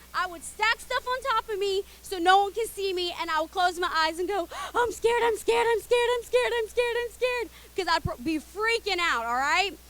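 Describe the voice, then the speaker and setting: A young woman teaching children, telling a Bible story in a playful, expressive way and getting the kids to call out and join in. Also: extremely high pitch.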